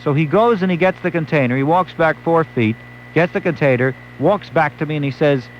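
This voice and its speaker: A late-night radio talk show host, male, spins a wry tale and voices the quotes himself, speaking briskly in a voice on the high side. The AM broadcast sounds dull and lo-fi, with a bit of background noise.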